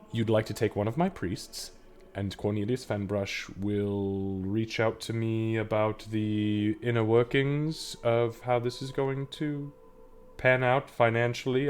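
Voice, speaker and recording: A man voicing a commanding high priestess who speaks slowly and imperiously. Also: a little hiss or hum. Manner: slow, imperious, raises voice.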